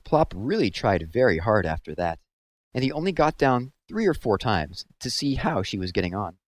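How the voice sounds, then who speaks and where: A man reading a children's book aloud with expressive storytelling, close to the mic. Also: lowish voice, moderate pace. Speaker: read-aloud host.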